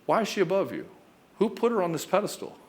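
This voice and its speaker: A man speaks straight to the viewer as a relationship coach. He is blunt and emphatic, swears freely, and keeps calling the listener dude and brother. His voice sits slightly high for a man. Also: very animated, fast, darkish tone. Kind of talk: direct-to-camera coaching monologue.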